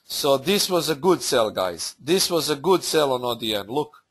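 A man hosting a live trading webinar, talking through charts in halting, unscripted full of fillers and restarts. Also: medium pitch, sing-song, breathy edge. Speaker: forex trading webinar host.

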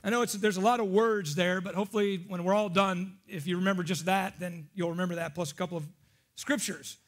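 A man's voice: high voice, fairly even intonation, brisk. A male pastor giving a casual sermon, chatty and joking, often asking the congregation questions.

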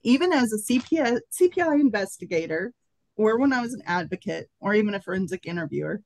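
A woman reading a personal piece aloud, emotional and halting. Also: medium pitch, animated, a little mellow, no room sound, rough recording. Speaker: workshop participant reading her writing. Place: conference workshop room.

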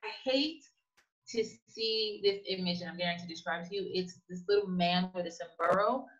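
An immigrant business owner, a woman with a fairly low pitch, talks at normal speed as a guest in a conversational interview captured on a muffled recording. Her storytelling is emphatic and animated, and she acts out quoted dialogue.

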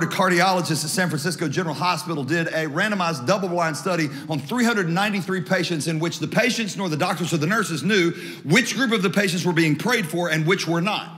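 High-voiced preaching man, bright hall. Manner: humorous, animated preaching; rises to shouts at high points. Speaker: pastor. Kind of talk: sermon. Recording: long hall reverb.

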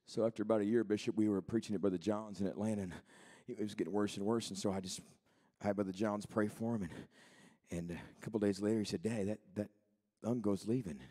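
A man in his thirties preaching a sermon in a church, moving between quiet storytelling and shouted, fervent preaching. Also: on the low side, fairly even intonation, fast talker. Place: church sanctuary.

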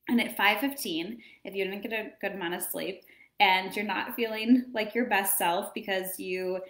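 A woman in her thirties giving casual parenting advice as a coach, chatty and animated, acting out little scenes as she talks. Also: medium pitch, normal speed, reverberant. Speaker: wellness coach.

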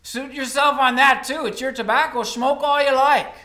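A man doing a gruff old country shopkeeper. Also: very high voice, moderate pace, voice pushed up. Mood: deadpan. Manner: loud, blunt, deadpan. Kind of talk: live comic storytelling. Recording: roomy live stage sound.

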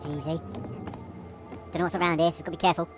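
A woman's voice: on the low side, flat delivery, racing, over music. A woman giving nervous, jumpy commentary while playing a horror game, swearing often and laughing through the fear. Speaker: let's play gamer.

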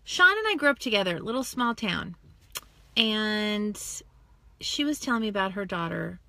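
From the driver's seat of her parked car, a woman in her forties who heads a sales team goes live on her phone, speaking at medium pitch and a moderate pace in a dry recording. She's gushing and animated, fighting back tears.

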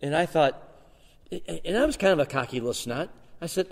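A man in his sixties, a guest pastor, preaching a sermon and telling his personal story in an animated way, with sudden swings between loud and soft. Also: fairly high pitch, normal speed, gravelly, big-room sound. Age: 60s. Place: church sanctuary.

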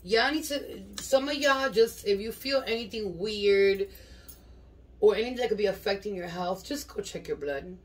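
A woman's voice: mid-range voice, normal speed. A woman giving a casual tarot reading to her viewers, blunt, slangy and profane, rambling as she goes. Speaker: tarot reader. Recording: distant mic with clear background noise and clicks.

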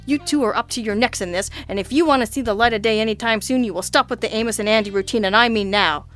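A woman voicing a loud, sarcastic male police lieutenant who barks and bellows in exasperation. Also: fairly high pitch, quick pace, soft background music, lightly acted. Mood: angry, bellowing. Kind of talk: audiobook character reading.

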